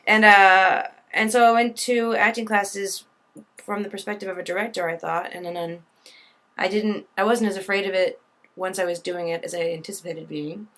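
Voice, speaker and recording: A woman's voice: mid-range voice, steady tone, normal speed, fairly bright tone. A woman with a faint Boston accent, chatting candidly and with self-deprecating humor as a guest in an interview. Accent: slight Boston. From Boston area. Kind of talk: casual interview chat.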